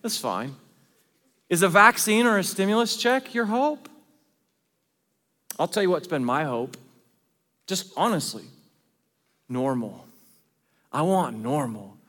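A man preaching a sermon as pastor, earnest, shifting between loud emphasis and hushed asides. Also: on the high side, sing-song, slow, long pauses. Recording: long reverb of a large hall.

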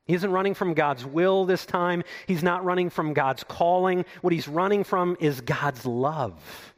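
During his sermon, a pastor reads from scripture and then explains it. He moves back and forth from loud, emphatic statements to quiet, low asides.

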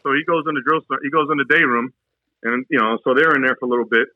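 A man's voice: mid-range voice, racing, no room sound, phone-quality sound. A man from New Hampshire telling an army story in a casual, rambling, profane way. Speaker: army veteran guest.

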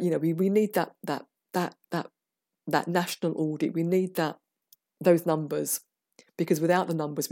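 Woman, low pitch, podcast guest; earnest, halting, "you know"-laden delivery. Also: warm tone, breathy edge, no echo, clean studio sound. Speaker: patient advocate guest. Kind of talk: podcast interview.

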